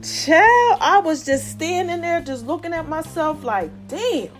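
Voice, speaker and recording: Sassy high-voiced woman in her forties. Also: animated, unhurried, soft background music. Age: 40s. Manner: sassy, playful, laughs often. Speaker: podcast host. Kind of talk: casual motivational monologue.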